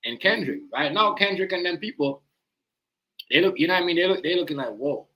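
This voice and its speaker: Guy streaming, kinda high bright voice, rambles w lots of slang n "you know what i mean". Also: animated, fast talker, rough recording. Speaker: live-stream host. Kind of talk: casual commentary live stream.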